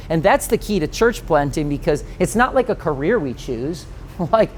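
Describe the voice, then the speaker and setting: Animated storytelling male pastor. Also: on the high side, brisk, slight background noise. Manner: animated storytelling, acts out quoted voices, laughs often. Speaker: pastor and conference speaker. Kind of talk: conference teaching session.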